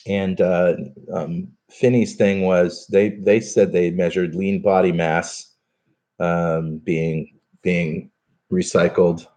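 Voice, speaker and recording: Deep-voiced and darkish in tone, a man hosts a podcast live stream, reading viewer comments aloud and chatting casually amid frequent fillers and restarts.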